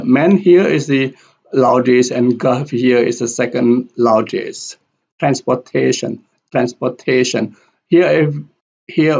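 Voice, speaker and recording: A male teacher talks through word stress at a very slow, deliberate pace, saying each example word more than once. His voice is gravelly and husky. The recording is dull and lo-fi. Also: mid-range voice, a little mellow. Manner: repeats example words carefully. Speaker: English pronunciation teacher. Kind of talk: slow explanatory lesson with spoken examples.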